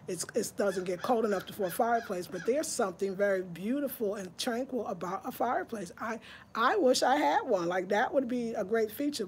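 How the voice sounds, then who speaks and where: A little hiss or hum accompanies the mid-range voice of a woman in her fifties from New York. She's a lifestyle vlogger chatting casually to camera indoors at home, friendly and breezy like she's with her girlfriends.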